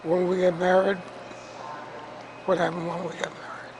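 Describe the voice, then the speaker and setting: An elderly man in his eighties talks in short, confused questions. His voice is high for a man. Steady traffic noise runs behind him. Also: moderate pace. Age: 80s.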